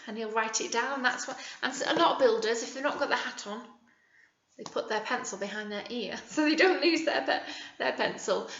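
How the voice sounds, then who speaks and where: A woman's voice: a little high, a bit bright, echoey room, dull audio. Sing-song English woman teaching small children. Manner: slow, sing-song, exaggerated word sounding for small children. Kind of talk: early years phonics lesson.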